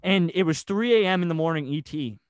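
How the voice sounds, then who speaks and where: A man's voice: a little high, expressive, fairly quick, clear, resonant tone, no echo. A man ranting heatedly in a casual chat, stammering and restarting his sentences. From United States. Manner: agitated and rambling, with stammered restarts.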